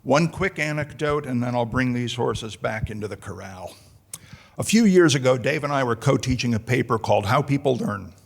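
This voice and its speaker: A man's voice: medium pitch, expressive, normal speed, vocal fry. Wry American man giving a speech. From United States, New Jersey. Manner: dry, self-deprecating comic delivery. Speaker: colleague introducing the lecturer. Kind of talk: humorous speech at a formal lecture. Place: lecture hall.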